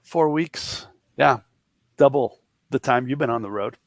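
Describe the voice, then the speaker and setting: A man's voice: mid-range voice, normal speed, vocal fry, no room sound. A man in his fifties from the Boston area with a Boston accent, telling jokey stories as an interview guest and voicing the people in them. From Boston area, USA. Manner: joking anecdotes with voiced quotes of others. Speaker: guest, entrepreneur. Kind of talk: casual interview storytelling.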